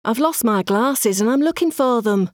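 A woman's voice: fairly high pitch, expressive, moderate pace, no echo, clean studio sound, voice pushed up, natural voice. A woman doing a polite short-sighted crocodile.

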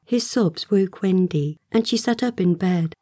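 A woman narrating a storybook aloud in a gentle, expressive way, sometimes dropping to a soft whisper. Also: mid-range voice, unhurried, breathy edge, dry recording, studio quality. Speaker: audiobook narrator.

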